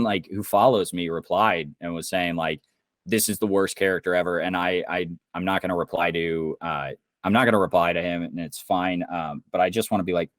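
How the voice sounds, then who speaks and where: Young man, low voice, dry close sound; heated swearing podcast rant. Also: dry recording. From Indiana. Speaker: podcast co-host. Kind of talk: casual podcast chat.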